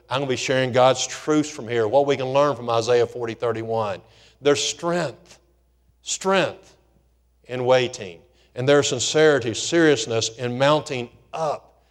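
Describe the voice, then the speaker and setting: A man preaching a fervent sermon, rising to emphatic calls. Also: mid-range voice. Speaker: pastor.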